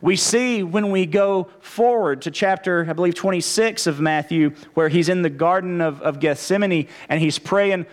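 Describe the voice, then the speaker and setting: Earnest pastor, slightly high voice. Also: male voice, normal speed, hardly any pauses. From Texas, United States. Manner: earnest, conversational preaching with frequent stammered restarts. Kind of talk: sermon.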